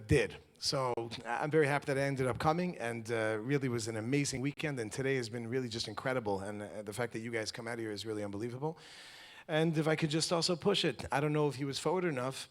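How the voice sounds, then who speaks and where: A man teaching a live audience at an event, animated and quizzing the room with questions. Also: medium pitch. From lives in Israel. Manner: animated, asks the audience questions, acts out little scenes. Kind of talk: lively talk to a live audience.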